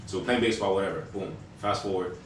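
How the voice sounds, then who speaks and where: A fast-talking man in his thirties chats and tells stories on a podcast, animated and loose, with swearing tossed in. His fairly low voice sits back from the mic in a very echoey room with faint hiss. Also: far from the mic. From Hispanic household. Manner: animated, swears casually, many fillers. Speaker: podcast co-host. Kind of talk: casual storytelling chat.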